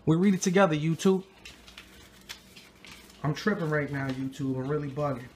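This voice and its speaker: Man, sneaker vlogger, high voice, excitable, slangy, talks to viewers. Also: moderate pace, a little hiss or hum. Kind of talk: excited unboxing vlog.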